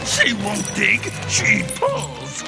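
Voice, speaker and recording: A man voicing a gruff, bossy, dimwitted dog creature in a cartoon, blustering and growly. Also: high voice, wildly swooping pitch, extremely slow, in a large hall, heavily acted. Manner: growly, blustering, often shouting. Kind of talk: cartoon voice acting. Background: music score.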